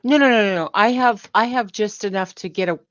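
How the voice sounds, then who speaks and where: A woman guest on a live-stream panel, talking in a relaxed, thoughtful, conversational way. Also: medium pitch, brisk, no echo. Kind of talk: casual live-stream chat. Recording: dull dry remote audio.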